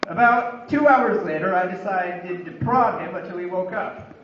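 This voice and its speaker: High-voiced man telling a comic story in an echoey room. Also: normal speed, background noise. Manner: wry, building comic exasperation. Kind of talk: humorous storytelling monologue. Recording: very echoey, distant, dull room recording.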